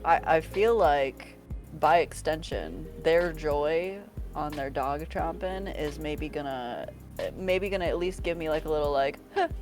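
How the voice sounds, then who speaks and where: A woman's voice: low-pitched, measured pace, a little mellow, faint music behind. A woman co-hosting a comedy podcast, telling playful stories full of "like" fillers. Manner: playful storyteller, frequent "like" fillers. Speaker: podcast co-host. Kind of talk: casual comedic chat.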